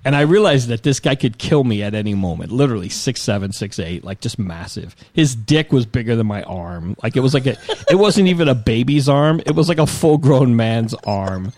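A man's voice: medium pitch, animated, fairly quick, few pauses, a little mellow, dry recording. A man in his forties telling a rambling, self-mocking story in casual chat.

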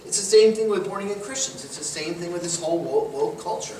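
A man's voice: high voice, quick pace. A male comedian arguing his point in casual chat, emphatic and repetitive. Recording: echoey room, distant mic, clear background noise.

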